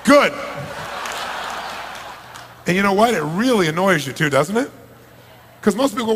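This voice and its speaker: A middle-aged man gives a live motivational talk in a high voice. He swings between hushed, intimate lines and loud, emphatic outbursts. A long hall reverb trails every phrase. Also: sing-song, a little fast, pauses often, slight background noise. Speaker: motivational speaker. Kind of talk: live seminar talk to an audience. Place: large event hall.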